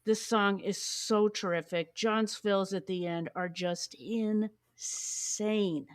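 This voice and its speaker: This is a woman in casual podcast chat, raving about music with loose, excited energy. She swears freely, trips over her words and restarts her sentences as her enthusiasm runs ahead of her. Her voice sits at an ordinary middle pitch for a woman. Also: slow. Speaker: podcast host.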